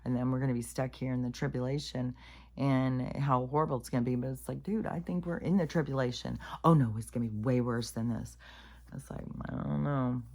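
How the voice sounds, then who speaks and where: Super low-voiced woman ranting about spiritual stuff, swears a lot, rambly and blunt. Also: creaky, darkish tone. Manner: plain-spoken, calls herself raunchy. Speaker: spiritual vlogger. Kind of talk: casual spiritual monologue to camera.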